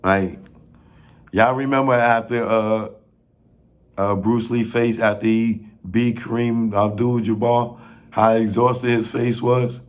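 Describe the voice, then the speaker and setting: A man in a casual rant to camera, pleading and joking, with slang and sudden rises in pitch when he gets worked up. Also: fairly even intonation. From New York. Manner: slow, pleading, street slang, laughs at own jokes, pitch jumps when worked up. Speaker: filmmaker addressing industry figures.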